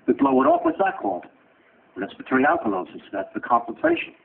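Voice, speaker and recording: Guy lecturing med students, high wild swooping gravelly voice, tinny old recording. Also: wildly swooping pitch, quick pace, a little hiss or hum. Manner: asks and answers his own questions, blunt joking asides. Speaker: medical lecturer.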